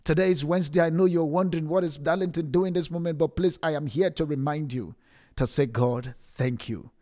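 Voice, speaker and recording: A man's voice: a little high, fairly quick, warm tone. A man streaming an emotional sermon, pleading and repeating himself, often stumbling over his words in restarts. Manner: pleading, repetitive, stammering restarts. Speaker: preacher streaming a message.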